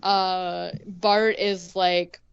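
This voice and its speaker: A woman's voice: lowish voice, flat delivery, very slow, creaky, clean tone. Chatty woman podcaster, slightly dull sound. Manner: chatty, leans heavily on "like" and "um". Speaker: podcast co-host. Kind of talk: casual chat recapping a cartoon episode.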